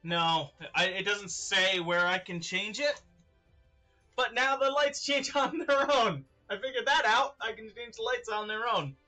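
A young man streaming a game, chatting excitedly with his viewers and laughing often. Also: high voice, measured pace, faint music behind. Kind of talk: live-streamed gameplay chat.

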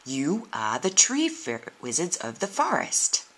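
A woman voicing a young, worried female squirrel in a children's storybook, high and insistent. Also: huge pitch swings, a little slow, fairly bright tone, breathy edge, heavily acted. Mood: pleading. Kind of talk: storybook reading.

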